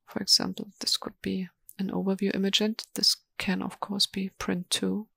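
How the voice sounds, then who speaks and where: Female webinar presenter, halting and monotone, dry sound with mouse clicks. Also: medium pitch, vocal fry, breathy edge, dry recording. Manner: slow, hesitant, many ums and restarts. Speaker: software presenter. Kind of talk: live software demo webinar.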